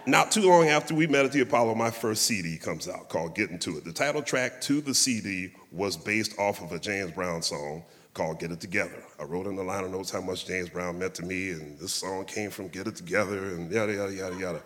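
Guy with a lowish voice doing a lively funny story onstage in a theatre. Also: a little fast, few pauses, big-room sound. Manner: lively, humorous, self-deprecating. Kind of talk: live stage storytelling. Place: theatre stage.

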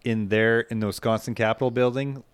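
A man's voice: medium pitch, fairly even intonation, a little fast, clean tone, no room sound. A man co-hosting a podcast, joking and swearing in casual chat. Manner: jokey, laughing, swearing. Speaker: podcast co-host.

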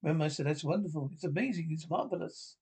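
An actor in 1930s radio acting, playing an obsessive, domineering middle-aged male scientist who talks in a commanding, excitable way. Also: fairly high pitch, quick pace, slightly rough. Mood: excited.

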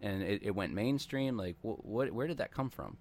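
A man's voice: lowish voice, lively intonation, moderate pace, darkish tone, a little hiss or hum. A man casually commenting on videos he plays, wry and rambling, often asking questions aloud.

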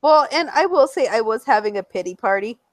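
A woman's voice: on the high side, lively intonation, a little fast, dry recording, rough recording. A woman co-hosting a casual chat, bubbly and outspoken, who swears now and then and squeals when she quotes people. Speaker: podcast co-host.

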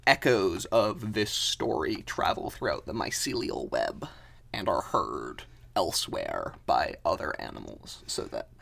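A man's voice: deep voice, sing-song, unhurried, vocal fry, a bit bright. A man narrating his character's actions in a tabletop game, with hesitant phrasing and many fillers and restarts. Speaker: player.

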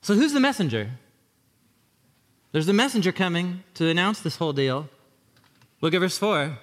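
A male pastor delivers a sermon in a conversational, animated way, reading verses aloud and then unpacking them with quick asides. His voice sits a little high for a man. The sound carries a long reverb, as if recorded in a large hall.

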